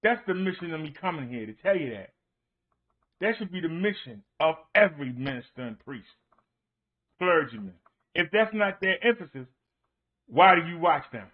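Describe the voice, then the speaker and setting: A man's voice: on the high side, very animated, moderate pace, pauses often. A man preaching on his online show, hammering points home with repeated rhetorical questions. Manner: emphatic, repetitive rhetorical questions. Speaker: minister. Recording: tinny phone-like sound.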